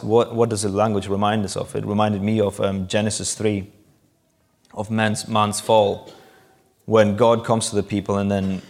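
A man with a fairly low voice preaches a sermon, walking listeners through a scripture passage. He explains in a conversational way and lifts his voice to act out the quoted lines. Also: a little mellow. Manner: explanatory, acts out quoted lines with rising emphasis.

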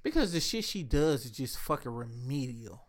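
A man co-hosting a podcast, telling stories in casual chat, profane and animated. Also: medium pitch, moderate pace. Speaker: podcast co-host.

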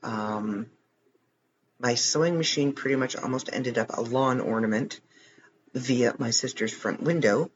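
A man's voice: mid-range voice, unhurried, muffled recording, a little hiss or hum. A man hosting a podcast late at night, tired and rambling, chatting casually with self-deprecating jokes and frequent chuckles. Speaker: podcast host. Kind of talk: casual chat.

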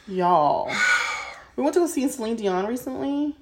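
A woman's voice: on the high side, lively intonation, normal speed, noisy background. A young woman co-hosting a podcast, chatting casually and bubbly, often chiming in and laughing. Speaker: podcast co-host. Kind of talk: casual chat.

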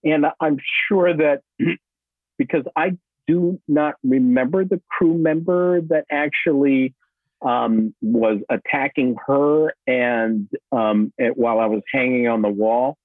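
A man's voice: mid-range voice, takes it slowly, no echo. A man talks casually as an interview guest, wandering through his memories with plenty of fillers and false starts. His voice comes through a thin, phone-like line. The sound is dry and close, with no room around it. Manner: rambling, many fillers and restarts. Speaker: actor guest.

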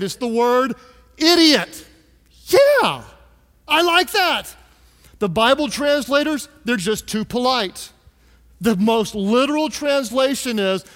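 A man preaching a sermon, joking and asking the congregation to answer aloud. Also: sits high. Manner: conversational and joking, calls the crowd to answer aloud. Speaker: pastor. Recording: echoey hall.

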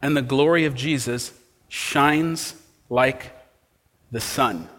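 A man's voice: mid-range voice, slow, a bit bright, long reverb tail. A man preaching an expository sermon as a pastor, asking rhetorical questions as he explains the text.

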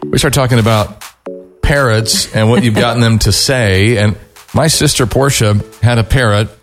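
A man's voice: mid-range voice, normal speed, soft background music. A man co-hosting a morning radio show, chatting in an upbeat way with callers. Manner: upbeat, animated. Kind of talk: casual radio chat.

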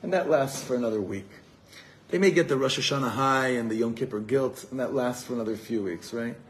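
A man's voice: mid-range voice, brisk. A man telling a story in a sermon as a rabbi at an evening gathering, acting out the voices of the people in it.

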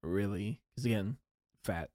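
A man's voice: on the low side, a little slow, darkish tone, no room sound, clean studio sound. A young man hosting a casual solo podcast, rambling and self-deprecating with lots of fillers and restarts. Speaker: podcast host.

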